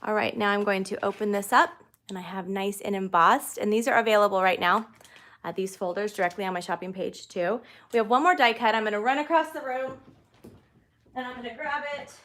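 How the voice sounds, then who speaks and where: A woman's voice: medium pitch, a little fast, a bit bright. A woman hosting a live card-making tutorial, chatting casually and greeting viewers as she works in her craft room. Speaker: card-making demonstrator and host.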